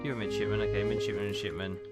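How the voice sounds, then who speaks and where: A man's voice: fairly low pitch, fairly even intonation, very fast. A Welsh man giving rambling let's play commentary, muttering and thinking aloud as he pieces things together. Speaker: game streamer. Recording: voice over game music. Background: game music.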